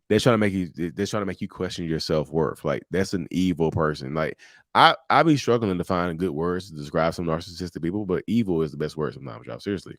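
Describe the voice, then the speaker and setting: A man hosting a live talk show, chatting in an animated, joking way and laughing often. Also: low-pitched, a little fast, no echo, clean studio sound. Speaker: show host.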